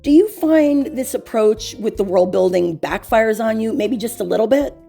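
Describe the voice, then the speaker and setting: Give me a woman interviewer who teases gently and stumbles over her words, with faint music behind. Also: fairly high pitch, expressive, vocal fry. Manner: hesitant, halting, gently teasing. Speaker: host. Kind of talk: comedic mock interview.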